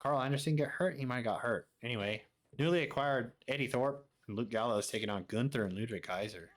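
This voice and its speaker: A man giving quick, offhand commentary as he plays a wrestling management game. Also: medium pitch. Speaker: gaming streamer.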